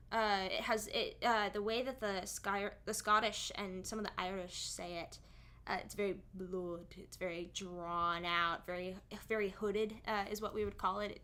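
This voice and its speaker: Chatty young woman streaming, bright sharp voice, goes off on lots of tangents. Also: medium pitch. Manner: chatty, explaining at length with many asides. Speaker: singer and streamer. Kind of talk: casual stream chat.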